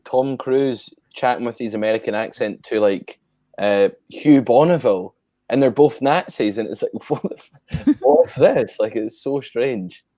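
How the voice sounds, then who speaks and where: A man's voice: medium pitch, moderate pace, warm tone, dry recording. A man chatting casually as a guest, rambling with lots of fillers and casual swearing. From Scotland. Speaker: musician guest. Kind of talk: casual chat.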